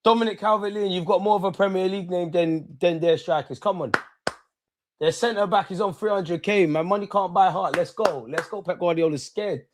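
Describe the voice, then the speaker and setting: A young man, hosting a live football watch-along. He chats casually and excitedly in slang, speaking straight to his viewers. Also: high voice, fairly quick. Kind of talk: casual live-stream chat and commentary.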